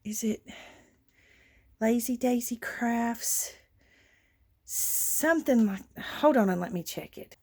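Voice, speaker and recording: A woman's voice: on the high side, animated, slow pace, long pauses, breathy edge. Gushing woman, emotional chat. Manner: emotional, gushing, warm thanks with many fillers. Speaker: craft channel host. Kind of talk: casual chat to viewers.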